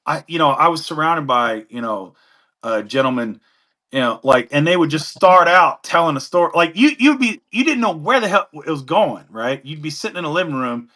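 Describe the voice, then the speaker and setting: A man's voice: fairly high pitch, animated, moderate pace, bright, forceful tone. A tired man with an East Tennessee twang, spinning rambling folksy stories in a casual panel chat. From East Tennessee, USA.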